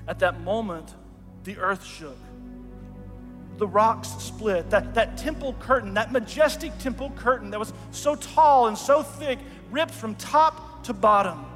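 High-voiced pastor in an echoing hall. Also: male voice, a little slow. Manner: dramatic, earnest storytelling with soft drops in volume. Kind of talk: sermon retelling scripture. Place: church sanctuary. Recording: long hall reverb with faint music. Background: faint music.

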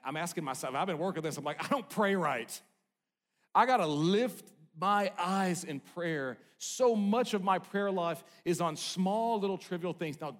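A middle-aged man preaching a sermon with a somewhat high voice. He tells stories in a lively way, then drops to a hushed tone. His delivery moves between loud outbursts and quiet, intimate lines. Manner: storytelling with wide swings between loud and hushed. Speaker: pastor.

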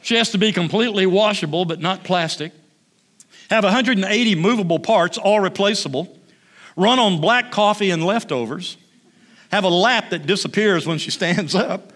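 Excited tireless god character, raised pitch, pastor guy reading it. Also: moderate pace. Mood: eager. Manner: eager and bright. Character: eager, tireless male Creator God.

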